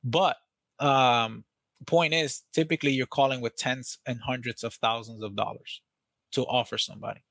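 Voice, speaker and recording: A man's voice: medium pitch, fairly even intonation, moderate pace, vocal fry, a bit bright, no room sound. A man, guest on an interview, talking energetically and casually about training salespeople, acting out phone calls, with some swearing.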